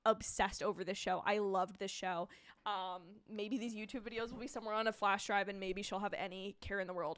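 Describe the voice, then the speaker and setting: An excitable young woman who reviews TV hosts a live reaction stream, gushing and rambling as she replies to viewer comments. Her voice is mid-range for a woman, and the sound is dry and close with no room echo.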